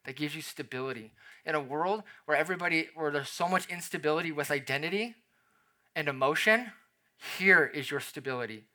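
A man preaching a sermon as pastor, animated and conversational, acting out little scenes in quoted voices. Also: fairly high pitch, brisk.

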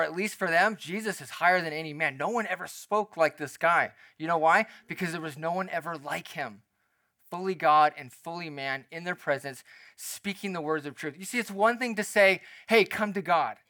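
A male pastor preaching in a lively, conversational way, often slipping into the voices of the people in his story. His voice is high and bright, with a lot of spark to it. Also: no room sound. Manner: animated, conversational, acts out quotes. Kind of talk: sermon.

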